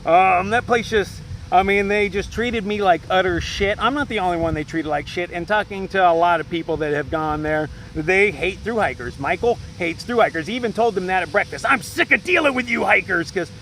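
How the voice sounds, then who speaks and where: High-voiced man ranting, swearing freely. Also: a little fast, hardly any pauses, fairly bright tone, a little hiss or hum, rough recording. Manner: profane, agitated storytelling with many fillers. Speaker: solo trail hiker vlogger. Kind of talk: rambling casual rant.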